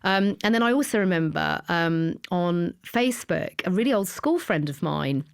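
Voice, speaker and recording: A woman's voice: lowish voice, expressive, normal speed, creaky, clear, resonant tone. A woman, a podcast guest telling her own story candidly and with feeling, sometimes sinking to a whisper. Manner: emotional, drops to a whisper when reliving moments.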